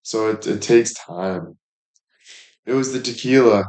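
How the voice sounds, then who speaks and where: A man's voice: fairly low pitch, a little slow, a little mellow, reverberant. A young man livestreaming, chatting casually in a rambling, profane, laid-back way.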